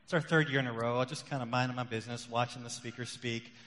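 A middle-aged male pastor preaching a sermon, rising loud and emphatic on key points, then dropping quiet and confessional. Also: mid-range voice, fairly even intonation, fast, a little hiss or hum. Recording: long hall reverb.

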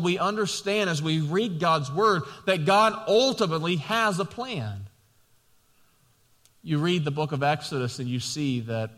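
A man preaching with a somewhat high voice that swells into emphatic, repeated calls before settling back. His sermon rings out with a long reverb, as in a large hall. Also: a bit bright. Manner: preaching with rising, emphatic passion and repetition. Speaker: pastor.

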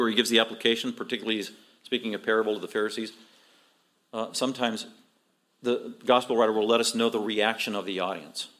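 A man's voice: medium pitch, steady tone, brisk, bright, forceful tone. A middle-aged male pastor preaching an expository sermon, acting out quoted voices with emphatic rises.

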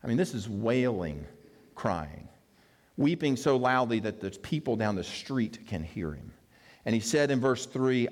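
Male preacher, animated storytelling sermon, echoing church hall. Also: medium pitch, unhurried. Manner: storytelling, acts out quoted characters with playful asides. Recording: long reverb of a hall.

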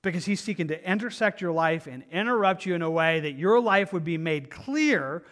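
A man's voice: sits high, animated, normal speed, a bit bright. A pastor preaching an earnest, emphatic sermon in a church, sometimes repeating his words as he presses a point. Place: church sanctuary.

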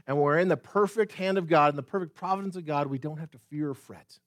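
Male pastor mid-sermon: high voice, asks his church pointed questions, dry close sound. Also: fast, no room sound. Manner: animated preaching with rhetorical questions and repetition; addresses the congregation directly.

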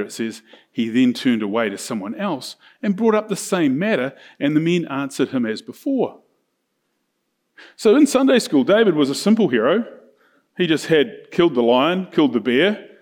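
A man preaching a sermon, telling a story casually and slipping into quick voices for the characters. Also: medium pitch, sing-song, darkish tone. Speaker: pastor.

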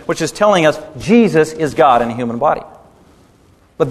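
A man preaching a sermon with a fairly high voice that climbs on the words he stresses. His delivery is emphatic, and a long reverb trails behind him as if in a big hall. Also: animated, brisk. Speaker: pastor.

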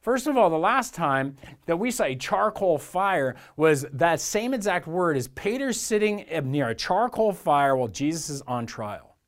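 A man's voice: on the high side, sing-song, a little slow. A man preaching a sermon in a church in a conversational way, acting out the voices in the stories he tells. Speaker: pastor.

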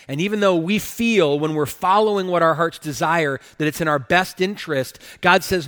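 A man's voice: a little high, lively intonation, moderate pace, hardly any pauses, fairly bright tone, in a large hall. Emphatic male pastor preaching a sermon. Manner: emphatic, with rhetorical questions and tag "right?".

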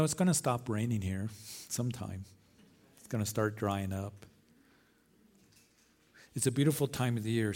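A man's voice: medium pitch, darkish tone. A middle-aged man preaching a sermon as pastor at an outdoor service, earnest and emphatic, with rising phrases.

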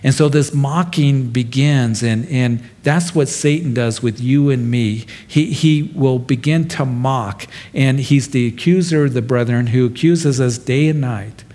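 A male pastor works through a passage verse by verse in an easy, conversational manner. His voice sits at an ordinary middle pitch for a man, and he speaks straight to the listeners as if in a chat. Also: unhurried, hardly any pauses, mellow. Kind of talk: expository sermon.

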